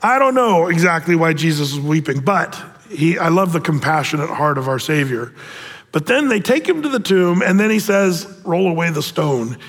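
A man preaching a sermon, telling the story in an animated, playful way with voiced asides. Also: on the high side, moderate pace, big-room sound. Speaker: pastor.

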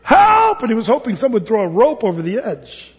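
High-voiced man preaching in an echoey hall. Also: fast, breathy edge. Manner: animated storytelling, acts out voices, stammers and repeats words. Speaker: pastor. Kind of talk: sermon. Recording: dull sound with long hall reverb.

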